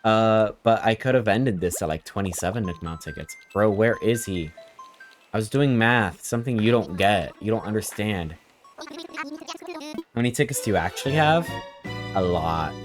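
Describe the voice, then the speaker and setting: Streaming a game, this young man chats casually with his viewers, playful and rambling as he jokes and responds to chat. His voice is on the low side, animated, at a moderate pace, with game music playing in the background.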